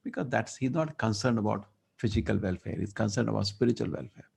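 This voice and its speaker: A man teaching a scripture class, telling the story lively and acting out the dialogue. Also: on the low side, quick pace, vocal fry, husky. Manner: storytelling, acts out dialogue, asides. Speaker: spiritual teacher.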